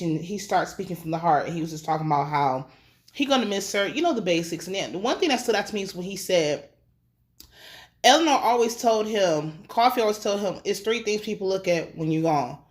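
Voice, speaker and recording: A woman's voice: mid-range voice, lively intonation, fairly quick. A woman recapping a TV episode in a casual, slangy way, swearing freely and acting out the characters' lines. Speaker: TV episode reviewer.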